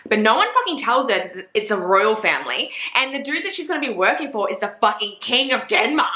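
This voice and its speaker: A young woman with a bright Australian accent chats about books in a loose, profane, gossipy way. Her voice sits a little high and rings in a roomy space. She throws herself into acting out her own reactions. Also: big pitch swings, a little fast, hardly any pauses. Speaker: book reviewer. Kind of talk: casual book chat to camera.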